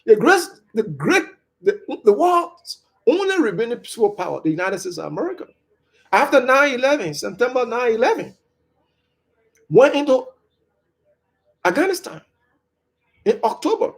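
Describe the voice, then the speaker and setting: A Liberian political commentator and writer delivers emphatic opinion commentary, punctuated by sharp upward stresses. The voice is medium-pitched and very animated at a normal speed, with long pauses.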